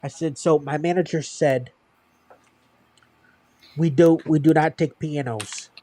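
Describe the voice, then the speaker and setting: A man's voice: fairly high pitch, slow, no echo. A man, hosting a livestream and casually telling stories from his old retail job, acting out what customers and coworkers said. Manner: animated anecdote telling, acting out other people's lines. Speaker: streamer.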